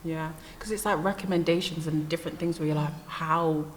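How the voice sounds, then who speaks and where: A woman's voice: sits low, fairly even intonation, fast, darkish tone, a little hiss or hum. A woman moderating a panel, chatty and affirming as she leads the questions. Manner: chatty and affirming, frequent "yeah" and "mm-hmm". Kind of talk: casual panel conversation. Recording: reverberant hall with faint ambience.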